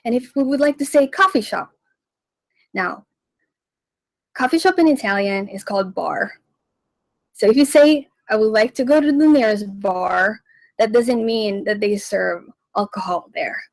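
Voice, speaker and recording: A woman hosting a radio language lesson, teaching slowly and patiently and repeating each phrase. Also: medium pitch, dry recording, rough recording. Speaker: radio language segment host. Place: radio studio.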